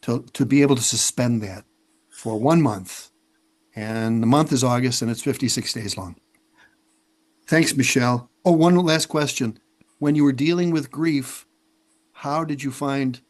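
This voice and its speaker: A man's voice: medium pitch, unhurried. A man hosting a poetry workshop on a video call, chatting in a rambling, chuckling way. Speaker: workshop host. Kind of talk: casual video call chat.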